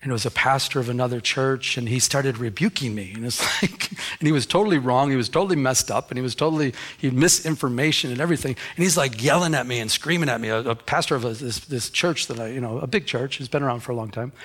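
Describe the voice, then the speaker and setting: Husky guy pastor preaching, talks like he's telling a story to friends. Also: medium pitch, fast, few pauses, a bit bright. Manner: conversational preaching, acts out anecdotes. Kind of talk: sermon.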